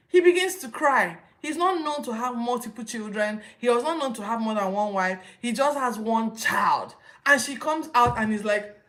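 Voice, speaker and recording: Animated woman retelling scripture. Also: on the high side. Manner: animated, incredulous rhetorical questions; informal retelling with restarts. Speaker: Bible podcast host. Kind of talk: casual Bible commentary.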